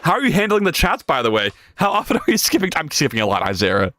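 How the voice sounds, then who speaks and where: A man streams live while he codes, joking and rambling as he answers his chat. His voice sits a little high and jumps around a lot. Soft music plays quietly behind him. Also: quick pace, dry recording. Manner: animated, jokey, reads chat aloud and rambles. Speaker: livestreamer. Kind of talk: casual livestream chat while coding.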